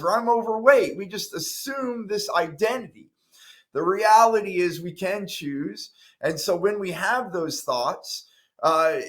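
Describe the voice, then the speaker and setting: A man's voice: high voice, fairly bright tone. A man as a guest speaker in an interview, telling his story in an earnest, emphatic way. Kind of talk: interview talk.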